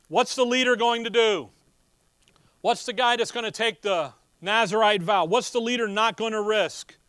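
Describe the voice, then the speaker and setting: A man preaching a sermon, reading scripture and explaining it in a folksy, animated way. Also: high voice, no echo, studio quality.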